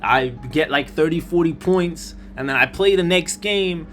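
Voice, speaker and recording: A man's voice: on the high side, measured pace, soft background music. A young man commentating over his own basketball video game footage, talking straight to his viewers and venting his frustration in casual slang. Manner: frustrated, animated, talks to viewers as "bro" and "man". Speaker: gaming YouTuber. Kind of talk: gameplay commentary.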